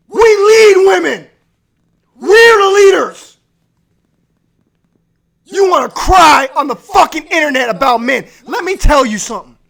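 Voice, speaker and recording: A man hosting a live stream, shouting an aggressive, profane rant from his man cave and going hoarse. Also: very high-pitched.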